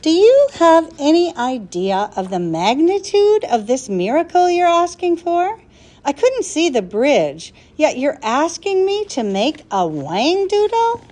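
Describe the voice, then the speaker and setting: A woman's voice: high-pitched, big pitch swings, measured pace, mellow, pitched above the performer's own voice. A woman voicing a flustered, worried old male professor who talks anxiously and with exasperation in a storybook reading. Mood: exasperated.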